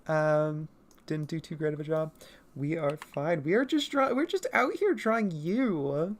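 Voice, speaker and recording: An artist streamer draws while chatting casually with viewers and answering chat, her medium-pitched voice animated at a moderate pace. She's playful and rambling, laughs often, swears now and then, and keeps breaking into self-correcting asides.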